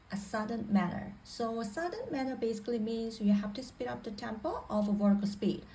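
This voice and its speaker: A woman whose voice is a little high and a little mellow teaches piano technique with patience, repeating each point and putting it another way. The low-quality recording has soft piano playing underneath.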